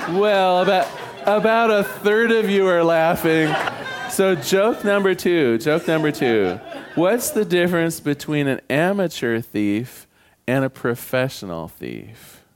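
A man's voice: fairly high pitch, lively intonation, a little slow, crowd noise, noisy background. A man preaching a sermon as pastor, conversational and humorous, telling jokes to his congregation.

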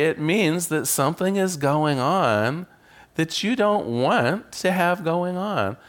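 A man giving a sermon as a minister, conversational and joking. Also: on the high side.

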